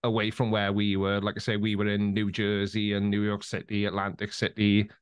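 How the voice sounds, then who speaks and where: A Welsh man chatting as a podcast guest, telling anecdotes with lively energy and frequent restarts. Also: on the low side, a little fast, clear, resonant tone. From Wales. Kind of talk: casual interview chat.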